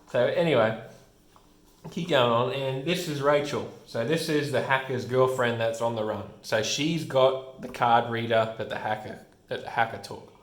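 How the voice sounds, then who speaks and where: Rambling man reviewing comics, roomy echo. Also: medium pitch. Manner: rambling, chuckles often, many restarts.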